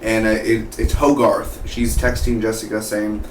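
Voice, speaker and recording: Casual male TV reviewer, rambling and animated, echoey room with faint noise behind. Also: fairly low pitch, unhurried, few pauses. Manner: rambling, animated, acts out characters' lines. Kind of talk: casual episode recap. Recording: roomy, distant from the mic, faint noise.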